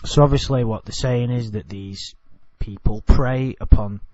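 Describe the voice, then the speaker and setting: A man's voice: mid-range voice, unhurried, warm tone, dry recording, muffled recording. Rambling Englishman commenting bluntly. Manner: rambling, self-correcting, blunt. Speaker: video commentator. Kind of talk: casual commentary on a TV clip.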